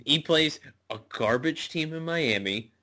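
A man's voice: a little high, lively intonation, unhurried, sharp tone. A man co-hosting a podcast in a casual sports chat, rambling and swearing freely. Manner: rambling, profane, says bro a lot. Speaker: podcast co-host.

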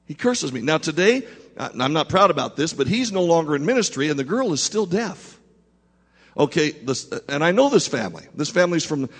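A man preaching a sermon, telling a story to his congregation in an animated way with frequent restarts. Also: high-pitched, slightly rough. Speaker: pastor. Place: church. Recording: long hall reverb.

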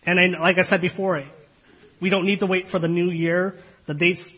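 A man preaching a sermon in an earnest, measured way, asking the listeners questions and pausing often on fillers. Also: sits high, level tone, pushed and bright, husky. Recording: dull lo-fi recording.

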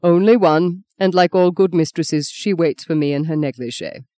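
A woman's voice: lowish voice, moderate pace, mellow, no echo, lightly acted. A woman voicing a self-assured older male politician who speaks mildly and drily in an audiobook reading. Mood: dry. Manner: mild, dry, teasing.

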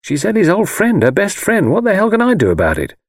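A man's voice: mid-range voice, big pitch swings, normal speed, no room sound, clean studio sound. A man reading an audiobook voices a defensive young husband who answers with irritable exasperation.

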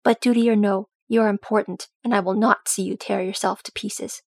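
A woman's voice: mid-range voice, fairly even intonation, fairly quick, creaky, no echo. A woman voicing a stern, loving old male dwarf lord who speaks to his son in a firm, commanding way.

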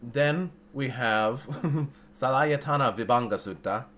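A man's voice: mid-range voice, slow pace, a bit bright, a little hiss or hum. A man giving an informal dharma talk, musing and searching for words, with dry humor and blunt asides. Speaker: dharma teacher.

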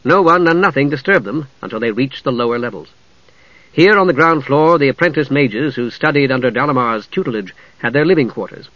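A man narrating a fantasy audiobook in a measured, expressive storytelling manner, on a dull lo-fi recording. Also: medium pitch, no room sound. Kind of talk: scripted narration.

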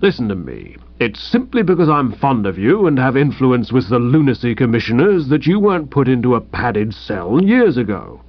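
A man reading the part of a stern, domineering middle-aged aunt who scolds with frozen calm. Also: fairly high pitch, no room sound, highs cut off.

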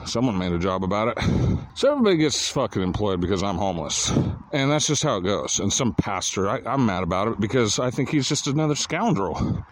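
A man's voice: lowish voice, lively intonation, a little fast. A homeless man telling rambling stories in a casual, profane monologue that often wanders and restarts.

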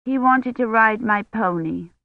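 Woman doing a small stubborn medieval girl, high and earnest, slow, dry dull audiobook sound. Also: vocal fry, no room sound. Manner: high, earnest old-fashioned speech.

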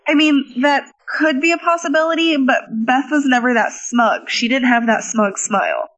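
A woman co-hosting a casual chat, animated, swearing freely and laughing often. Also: high-pitched, normal speed, rough recording. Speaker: podcast co-host.

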